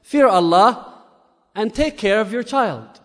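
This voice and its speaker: Man, preacher, fairly high voice, sermon storytelling, long reverb. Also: slow. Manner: animated, rhetorical questions, rising emphasis. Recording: echoey hall with long reverb.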